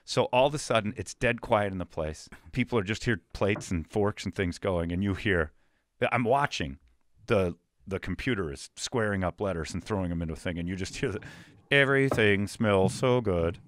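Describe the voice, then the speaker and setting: A man with a low voice hosts a comedy podcast and tells stories at a lively clip, laughing along the way. His sound is dry and close to the mic. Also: dry recording. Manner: quick, animated, laughs often. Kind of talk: casual comedic storytelling.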